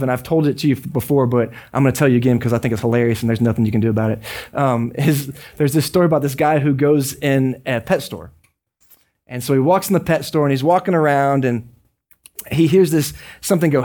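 A man preaching a sermon as a pastor, conversational and joking with quick asides. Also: mid-range voice, darkish tone.

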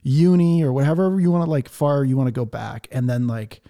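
A man's voice: mid-range voice, steady tone, brisk, warm tone. A man hosting a casual online audio chat, rambling with lots of fillers and frequent laughs. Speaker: host.

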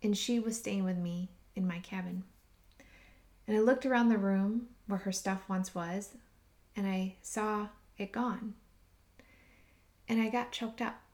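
A woman hosting a podcast, telling a personal story in a slow, heartfelt way that sometimes drops to a near whisper. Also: mid-range voice, fairly even intonation, a little mellow. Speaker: podcast host and retreat leader.

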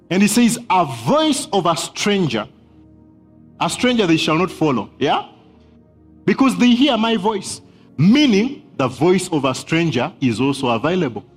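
High-voiced man preaching. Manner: emphatic preaching with repeated phrases and laughs. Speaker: pastor. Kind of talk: sermon.

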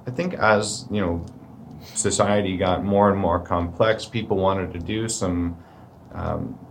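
A man's voice: low-pitched, fairly even intonation, unhurried, gravelly, slight background noise. A man with a Canadian accent, a lawyer explaining legal terms in a plain-spoken, self-deprecating way. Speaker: corporate lawyer. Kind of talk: explanatory podcast conversation.

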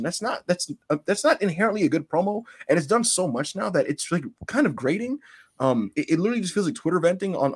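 A man co-hosting a podcast in casual chat, his voice a little husky and sitting somewhat high for a man. He talks animatedly, his pitch swinging up and down, and now and then mocks shouted promos in a high, strained voice. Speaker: podcast co-host.

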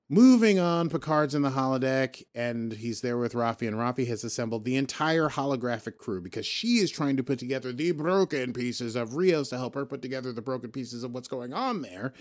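A man's voice: mid-range voice, expressive, fairly quick, few pauses. A man hosting a podcast, casually recapping a TV episode in a rambling, joking way, often correcting himself. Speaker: podcast host.

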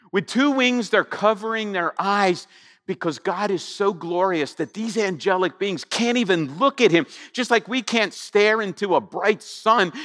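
A man preaching a sermon, animated and conversational, full of rhetorical questions to the congregation. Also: high voice, big-room sound. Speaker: pastor.

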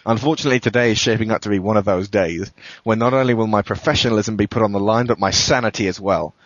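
Guy reading a crime story, steady and matter-of-fact, lowish voice, dull dry recording. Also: fast talker, no room sound. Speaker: podcast host reading a story. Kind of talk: first-person thriller narration.

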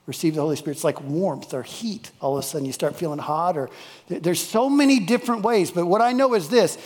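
Male preacher, high voice, folksy and emphatic, long church reverb. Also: a little fast, a little mellow. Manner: folksy, emphatic, repeats key phrases. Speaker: pastor. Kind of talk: sermon. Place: church worship service.

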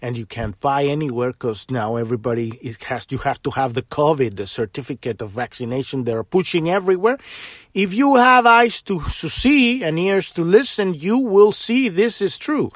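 A man's voice: on the high side, lively intonation, normal speed, no room sound, studio quality. A man hosting a podcast, talking in a rambling, impassioned monologue full of restarts and swearing. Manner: swears freely when worked up. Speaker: podcast host.

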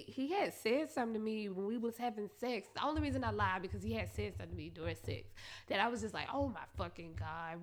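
A young woman hosting a podcast, telling a candid, profane story in a casual monologue with quick asides to her listeners. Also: medium pitch, vocal fry. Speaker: podcast host.

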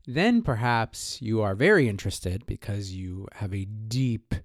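A man's voice: fairly low pitch, lively intonation, a little slow, dry recording, studio quality. A man co-hosting a casual podcast, joking and laughing often. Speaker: podcast co-host. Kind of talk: casual chat about astrology.

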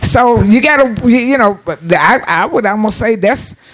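A woman's voice: a little high, animated, normal speed. A woman in her sixties giving a casual preaching talk to her viewers. She is emphatic, repeats her words and restarts often, and her voice jumps up on the points she wants to stress. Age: 60s. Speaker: church speaker addressing viewers.

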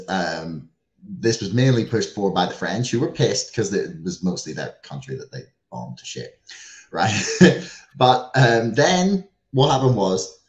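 A man co-hosting a casual talk show, telling stories in an animated, emphatic way with frequent swearing. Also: on the low side. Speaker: podcast co-host. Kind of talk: casual chat. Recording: roomy echo.

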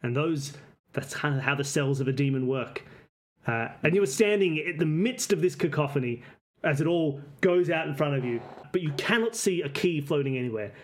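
A man running a tabletop game, giving rambling, halting descriptions of the scene. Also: fairly high pitch, lively intonation. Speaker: game master.

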